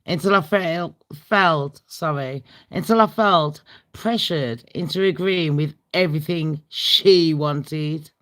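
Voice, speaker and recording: A woman's voice: deep voice, lively intonation, slow, a bit bright. A British woman hosting a casual storytime chat, blunt and full of swearing and laughing asides. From Britain. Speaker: livestream host.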